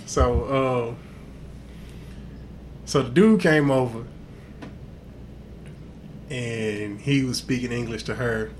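A man's voice: mid-range voice, slow, pauses often, slight background noise. A man hosting a podcast, telling wild stories in casual, profane chat and laughing along as he goes. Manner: animated, profane, laughs through his stories. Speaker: podcast host.

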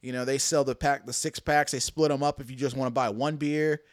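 Man, smooth clear voice, dry close sound, slangy laid-back host. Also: mid-range voice, steady tone, a little fast, no echo. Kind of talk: casual chat.

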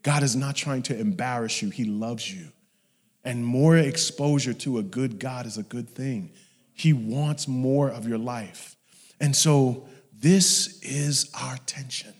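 Preacher with big dynamic swings, echoing hall. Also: male voice, medium pitch, measured pace. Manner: dynamic, swings from hushed whispers to loud shouts; storytelling, acts out family members in his anecdotes. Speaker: pastor. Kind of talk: sermon. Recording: long hall reverb.

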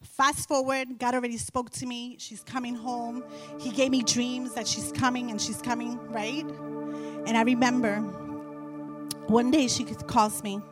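A middle-aged woman with a somewhat high voice shares a Christian testimony. She tells it in an animated storytelling way and circles back on phrases for emphasis. Soft music plays faintly behind her. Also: a little slow. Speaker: Christian speaker sharing a testimony. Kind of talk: faith testimony told to an audience.

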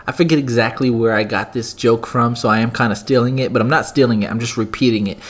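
A man's voice: mid-range voice, steady tone, quick pace. A man co-hosting a casual podcast, telling a secondhand joke in a profane, rambling way full of fillers. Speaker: podcast co-host.

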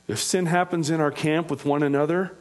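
A man preaching a sermon as pastor, with passionate delivery that rises to loud, emphatic peaks. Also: a little high, fairly even intonation, brisk.

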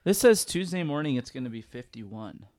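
A man's voice: mid-range voice, expressive, normal speed, darkish tone, no room sound. A man co-hosting a podcast in casual chat, with wry remarks and some reading aloud. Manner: dry, wry, reads articles aloud. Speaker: podcast co-host.

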